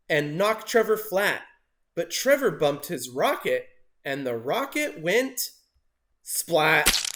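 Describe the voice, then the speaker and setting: A man reads a rhyming children's book aloud in a high, unhurried voice. His pitch rises and falls widely, and he throws himself into loud character voices. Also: sing-song. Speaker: storybook reader. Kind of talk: animated picture-book read-aloud.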